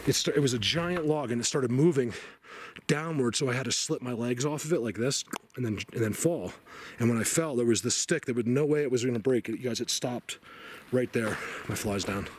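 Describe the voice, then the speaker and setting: A man vlogging while hiking in a forest, out of breath, rambling and excitable, sometimes dropping to a whisper. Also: mid-range voice, brisk, a little hiss or hum. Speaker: outdoor vlogger searching for Bigfoot. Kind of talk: casual walking vlog to camera. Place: forest outdoors.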